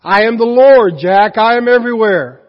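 A preacher voicing a calm, wry God. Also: male voice, very high voice, moderate pace, in a large hall, lo-fi sound. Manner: calm, dryly amused. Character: calm, wry male God speaking from above.

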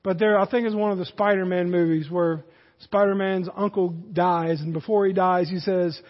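A man's voice: sits high, steady tone, moderate pace, a little mellow. A man preaching a sermon in a folksy manner that rises to emphatic peaks, heard in a church sanctuary. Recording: dull, hall reverb.

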